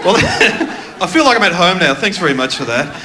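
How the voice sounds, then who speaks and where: A man's voice: high-pitched, huge pitch swings, normal speed, crowd noise. An Australian man from Melbourne doing a stand-up comedy set, bantering loosely with the audience and mocking himself. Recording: noisy live club recording.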